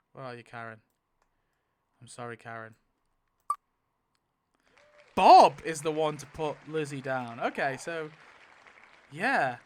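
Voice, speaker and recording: Excitable man thinking out loud. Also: a little high. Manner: excitable, thinks aloud, swings to loud outbursts. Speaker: YouTuber. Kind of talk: casual commentary while spinning a wheel.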